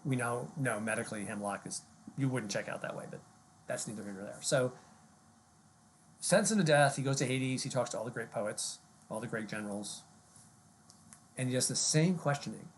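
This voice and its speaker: A man talks through a recorded lecture at a middle pitch, conversational and full of ums and rhetorical questions. A faint hiss sits under his voice at the computer. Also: moderate pace, long pauses.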